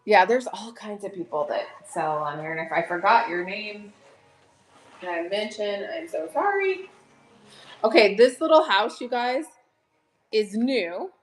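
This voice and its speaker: A woman hosting a casual live sale from home, chatting warmly and gushing over each item. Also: medium pitch, animated, a little slow, faint music behind. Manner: chatty, gushing, addresses viewers as "you guys". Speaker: online live-sale seller. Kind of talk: casual live-stream selling chat.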